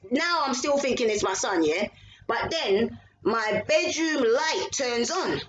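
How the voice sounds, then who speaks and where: A middle-aged woman with a British accent, telling a personal story in a lively way, swearing and breaking into shouts. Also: a little high, slow, lo-fi sound, over a noisy crowd. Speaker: vlogger.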